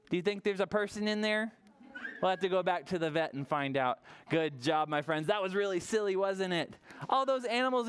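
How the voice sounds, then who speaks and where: A librarian leading toddler story time, an animated, encouraging woman who reads aloud and asks the children questions. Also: lowish voice, smooth. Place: public library.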